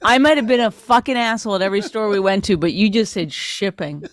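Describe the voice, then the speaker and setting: A middle-aged woman co-hosting a podcast, telling a story in an exasperated, animated way and acting out the people in it. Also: medium pitch, fast, no echo, clean studio sound. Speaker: podcast co-host. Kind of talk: casual chat.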